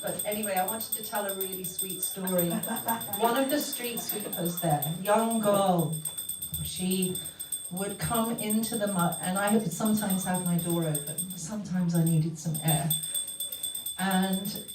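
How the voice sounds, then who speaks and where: Telling a group about something she remembers, a Western woman voices the people she quotes in a casual testimony. She speaks at medium pitch and a little slowly, with music behind her, recorded through a distant mic in a roomy space with faint ambience.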